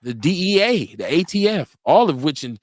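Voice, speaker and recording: A man hosts a livestream radio show of casual political talk, reading out chat comments at a moderate pace. He's animated and profane, laughs often, and his pitch leaps up when he does quoted voices. There's no room sound.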